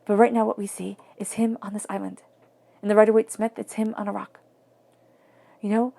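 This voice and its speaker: A woman giving a tarot reading in a soft, flowing, reflective way, sometimes dropping to near-whispers. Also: medium pitch, level tone, brisk, gravelly. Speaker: tarot reader.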